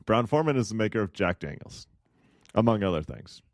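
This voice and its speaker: Podcast co-host, male, low voice, dry close sound, rambling contrarian chat. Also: sing-song, fairly quick, no room sound. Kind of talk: casual investing chat.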